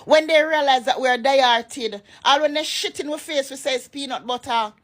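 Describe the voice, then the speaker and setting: A woman's voice: high voice, normal speed. A woman from Jamaica with a Jamaican accent that slides into patois, giving an impassioned, emphatic rant that scolds her critics. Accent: Jamaican, shifting into patois. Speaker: vlogger. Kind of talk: political rant to followers.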